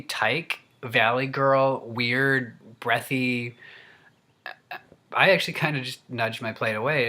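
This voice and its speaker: A man with a bright, forward voice rants to the camera, animated and worked up. He tells a funny vlog story in casual, chatty speech at a middle pitch. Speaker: actor and vlogger. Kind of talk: humorous rant.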